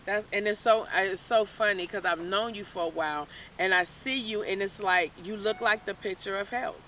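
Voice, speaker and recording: A woman's voice: medium pitch, moderate pace, sharp tone. A woman hosting an interview, asking rambling and encouraging questions. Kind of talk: casual interview. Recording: faint noise, mic at a distance.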